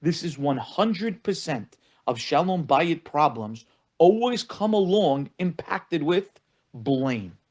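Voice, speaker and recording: A rabbi teaches a lesson on marriage in a slightly high, slow-paced male voice. He tells stories with animation, acting out the callers and others he quotes, and often repeats words for emphasis.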